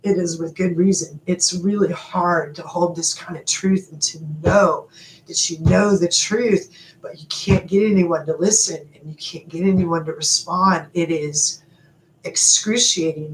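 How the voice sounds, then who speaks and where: Emotional woman chatting on a livestream. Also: on the low side. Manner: animated, emotional, rambling, laughs often. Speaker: livestream host. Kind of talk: emotional live-stream chat with viewers. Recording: echoey room with faint background noise.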